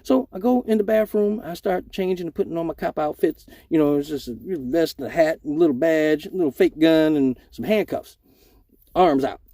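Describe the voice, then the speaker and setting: A man's voice: fairly high pitch, normal speed, warm tone, no echo. A young man telling a profane story casually, acting out other people's voices along the way.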